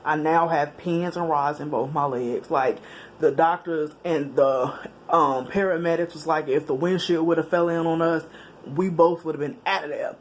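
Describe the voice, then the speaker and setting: A woman vlogger with a deep voice tells a personal story to the camera at a moderate pace. She's animated and chatty, tossing in slang and laughter, and a faint hiss sits in the background.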